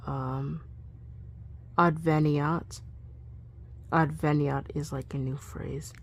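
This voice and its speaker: A woman casually practicing a recitation at home, thinking aloud, correcting herself and murmuring soft asides. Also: low-pitched, level tone, takes it slowly, long pauses, husky. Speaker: Latin learner recording her practice. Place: bedroom at home.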